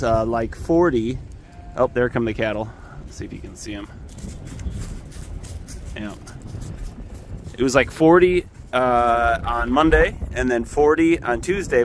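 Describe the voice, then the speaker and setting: A man casually talking through a farm vlog outdoors in the wind, rambling and self-deprecating as he films his animals on a handheld camera. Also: mid-range voice. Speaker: farmer filming his animals.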